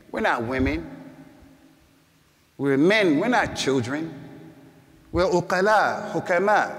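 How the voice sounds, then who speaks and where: A man, the imam of a mosque, giving a Friday sermon with passion, rising at times to shouts and reciting Arabic scripture. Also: a little high, long reverb tail. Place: mosque prayer hall.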